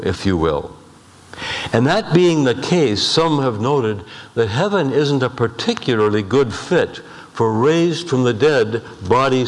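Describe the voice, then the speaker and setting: A male pastor preaching a sermon, measured, slowing down for emphasis and asking rhetorical questions. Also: medium pitch. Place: church sanctuary. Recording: long hall reverb.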